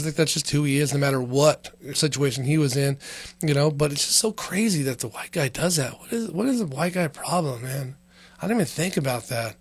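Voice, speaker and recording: On a dry recording, a man with a gravelly, somewhat high voice hosts a laid-back comedy podcast. His talk wanders, full of filler words and profanity.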